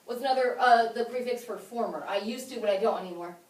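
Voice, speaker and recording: This English teacher talks fast in a fairly high, darkish voice. Upbeat and encouraging, she fires off many questions during her classroom lesson, captured from a distance with plenty of echo.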